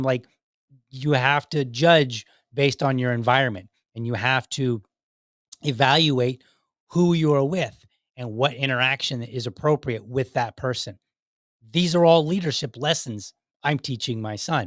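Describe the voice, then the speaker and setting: A man's voice: mid-range voice, no room sound. Rambling man with a dry close sound. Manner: rambling, many fillers and restarts. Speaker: podcast host. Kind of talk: casual live-stream talk.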